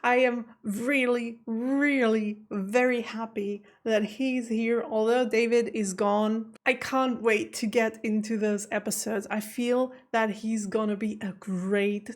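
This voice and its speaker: A woman's voice: on the high side, steady tone, takes it slowly, hardly any pauses. A woman, hosting a reaction video in casual, rambling chat with frequent laughter, recorded in a dim room at home. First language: German. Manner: chatty, laughs often, rambling asides.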